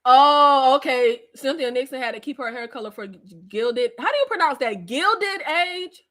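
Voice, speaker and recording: A woman hosts a casual live-stream recap chat, animated, slangy, and laughing often. Her high-pitched voice moves at normal speed, sounding stuffy-nosed and scratchy-throated.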